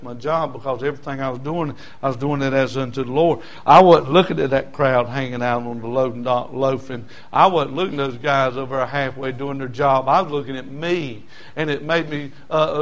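A middle-aged man preaching a sermon and telling his own testimony, swinging from loud pleading to low hushed tones. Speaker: pastor.

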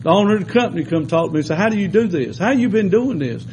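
A man preaching a sermon in a folksy storytelling way, shifting between loud exhortation and quiet asides. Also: high voice, expressive, racing, a little hiss or hum, rough recording.

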